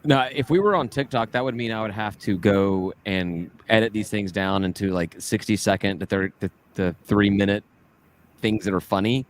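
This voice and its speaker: A man's voice: fairly low pitch, moderate pace, slight background noise. A man co-hosting a podcast, chatting casually and laughing easily. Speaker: podcast co-host. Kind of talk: casual chat.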